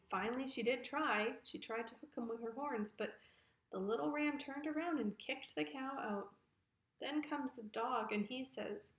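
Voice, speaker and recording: Woman storyteller, children's tale, lively, slightly high voice, echoey room. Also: moderate pace, highs cut off. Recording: roomy echo.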